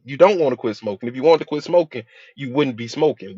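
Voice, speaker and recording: A man's voice: medium pitch, lively intonation, fast, mellow, husky, no echo, muffled recording. A man, a hypnotherapist, giving a casual motivational talk and telling his own stories with quoted voices.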